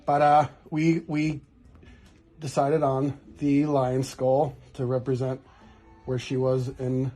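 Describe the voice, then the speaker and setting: A man's voice: medium pitch, completely flat delivery, slow pace, mellow, soft background music. A man in his forties, a tattoo artist, chatting casually and telling a rambling story with many restarts while he works.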